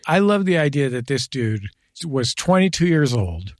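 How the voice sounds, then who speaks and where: A man hosting a radio interview, asking relaxed, curious questions. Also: medium pitch, normal speed, no room sound, studio quality. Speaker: interview host.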